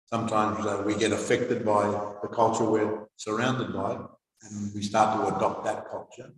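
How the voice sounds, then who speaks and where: A man giving a devotional scripture class, reading aloud and then commenting in a halting way, with many fillers and restarts. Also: on the low side, little pitch movement, a little hiss or hum. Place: temple hall. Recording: echoey hall, voice from far off.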